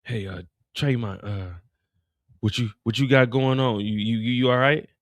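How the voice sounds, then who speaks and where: A man's voice: medium pitch, fairly even intonation, normal speed, close to an everyday voice. A man doing a stammering, desperate hustling woman. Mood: pleading. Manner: stammering, pleading, repeating herself. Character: desperate, hustling young woman begging for work.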